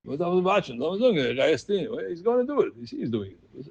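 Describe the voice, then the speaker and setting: A man leading a Talmud study group, explaining the text in an animated voice and chanting quoted passages in a sing-song. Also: sits high, fast talker, vocal fry, muffled recording, a little hiss or hum. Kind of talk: Talmud class teaching.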